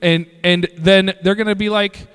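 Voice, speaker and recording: A male pastor preaching a sermon, reading scripture slowly and breaking into shouted bursts. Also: high-pitched, fairly even intonation, smooth, in a large hall.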